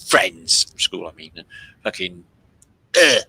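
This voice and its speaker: A man's voice: deep voice, big pitch swings, slow, creaky, bright, forceful tone, husky, rough recording. A British man hosting a casual livestream, rambling and swearing freely as he comments on images. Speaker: livestream host.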